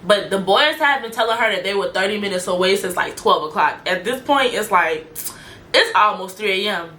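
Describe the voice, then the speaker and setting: A woman's voice: medium pitch, animated, fairly quick, sharp tone. A young woman telling a story in casual chat, slangy and talking straight to her viewers. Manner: chatty, slangy, addresses viewers directly. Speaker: storyteller vlogger.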